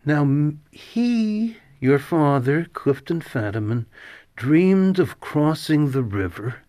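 A man's voice: fairly high pitch, animated, a little mellow, no echo. A man hosting a literary radio interview show from a studio, speaking in a thoughtful, musing way. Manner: slow, thoughtful, musing delivery. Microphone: studio microphone.

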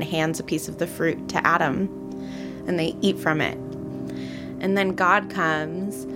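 A young woman casually retelling a story, chatty, full of voiced quotes and fillers. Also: fairly low pitch. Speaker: guest.

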